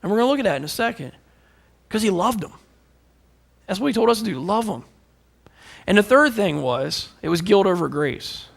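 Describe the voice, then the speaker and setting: Gravelly high-voiced male preacher. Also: normal speed, pauses often. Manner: animated storytelling, swings between emphatic and hushed. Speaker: pastor. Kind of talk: sermon.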